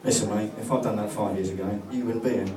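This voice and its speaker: A man's voice: on the low side, fairly even intonation, quick pace, noisy background. A man doing a stand-up comedy set, rambling and hesitant with many fillers and restarts. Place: comedy club stage. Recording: roomy club sound from far off, loud crowd. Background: audience laughter.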